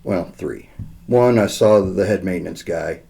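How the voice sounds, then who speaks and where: A middle-aged man talks through a story in a relaxed, rambling way, voice very low and gravelly. His tone is dark and mellow, full of small pauses and filler words as he recounts conversations. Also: slight background noise. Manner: rambling, heartfelt, frequent "uh" and quoted dialogue. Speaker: podcast co-host leading a school safety program. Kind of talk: casual storytelling chat.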